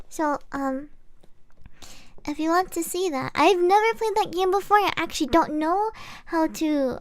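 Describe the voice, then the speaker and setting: Very high-voiced playful streamer woman. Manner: playful, drawn-out and giggly. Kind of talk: casual game stream chat.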